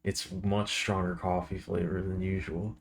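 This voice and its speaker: A man's voice: sits low, level tone, unhurried, vocal fry, slight background noise. A man streaming live while he draws, chatting casually and playfully with viewers. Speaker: art streamer.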